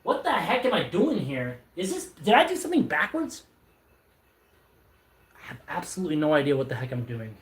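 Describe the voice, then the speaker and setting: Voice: medium pitch, huge pitch swings, a little fast, pauses often, far from the mic. A streamer chatting casually on a live stream while assembling furniture, keeping up a rambling, self-mocking commentary full of stammered restarts. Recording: roomy echo, off-mic, faint noise.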